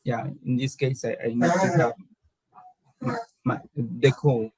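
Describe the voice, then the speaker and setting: Male English learner: slow, deep-toned, hesitant, repeats words while he searches for them. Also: animated, a little mellow, low-quality recording. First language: Spanish. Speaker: English student. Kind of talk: online English lesson.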